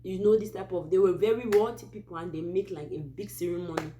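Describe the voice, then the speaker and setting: On her Christian advice channel, a Cameroonian woman tells a true story quickly, in a casual and spirited way with frequent asides, using a Cameroonian English accent. Her voice is somewhat low, and the background is noisy.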